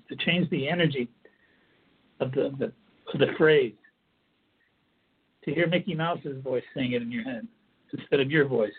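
A man gives an earnest instructional talk on coping techniques, often restarting phrases as he explains. His voice is a little high with a breathy edge, and the audio sounds tinny, like a phone.

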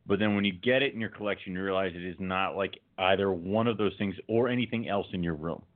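A man chatting casually as a podcast co-host, telling stories with laughs and animated rants. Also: fast talker. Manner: animated, laughing storyteller who gets louder and higher when ranting. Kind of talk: casual chat. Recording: phone-like narrow audio.

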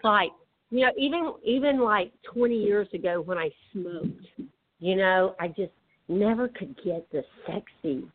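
A woman's voice: on the low side, slight background noise. A woman with a Southern twang, a guest author talking casually with many restarts and fillers. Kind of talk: casual conversation. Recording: tinny phone line.

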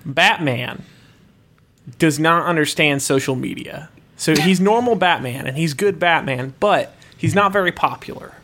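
A man's voice: fairly high pitch, measured pace, a bit bright. A young man improvising comedy bits on a podcast, rambling playfully and laughing as he goes. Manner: rambling and playful, often laughing while acting out characters. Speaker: podcast co-host.

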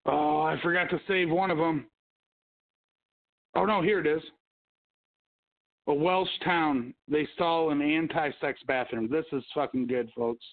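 A man's voice: fairly high pitch, fairly even intonation, measured pace, creaky, long pauses. Swearing man on a tinny line. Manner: swears constantly, rambling storyteller. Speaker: podcast host. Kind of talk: casual profane chat. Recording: tinny phone-like audio.

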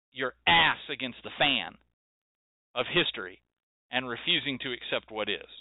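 A man's voice: fairly high pitch, no room sound. A man hosting a show, delivering an emphatic, preachy monologue with lots of repetition. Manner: emphatic, preachy, repeats phrases for effect. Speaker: host. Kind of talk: impassioned monologue. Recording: dry tinny phone-like sound.

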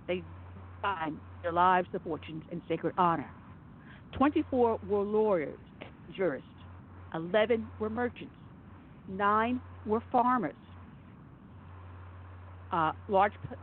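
A woman hosting a conservative talk radio show, delivering an impassioned, emphatic monologue with sarcastic asides. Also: mid-range voice. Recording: phone-like narrow audio with faint noise.

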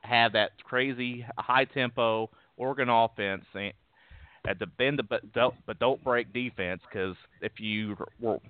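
A man's voice: medium pitch, a little slow, dry recording. A man hosting a sports talk show, talking casually and often stumbling over his words. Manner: stumbling, restarts, chuckles. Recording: tinny phone-line sound, dry.

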